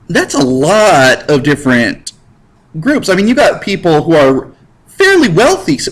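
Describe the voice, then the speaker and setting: Man, teacher, slangy classroom lecture with jokes and voices, lively swooping pitch. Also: low-quality recording. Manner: slangy, jokey, animated with put-on voices. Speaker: history teacher. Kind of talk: casual lecture over slides. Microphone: computer mic while drawing with a mouse.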